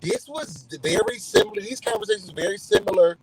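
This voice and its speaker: Guy chatting thru a show recap, pitch jumps all over, kinda gravelly voice, slightly high. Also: quick pace, crowd noise, poor audio. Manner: animated storytelling, acting out quotes in other voices. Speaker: YouTube host recapping a reality show. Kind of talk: casual recap chat.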